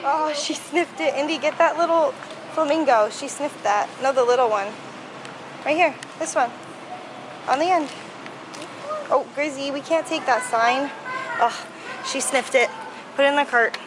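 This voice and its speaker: A woman's voice: high voice, moderate pace, pauses often. A woman filming a casual vlog while shopping with her puppy and young daughter, playful and teasing as she talks to the dog. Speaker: vlogger, mother. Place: busy pet store. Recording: loud store background noise.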